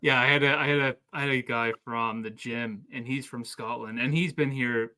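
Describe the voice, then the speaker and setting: A Canadian man hosts a casual podcast, spinning anecdotes animatedly and stumbling into frequent restarts. His mid-range male voice is smooth, relaxed and conversational at a moderate pace.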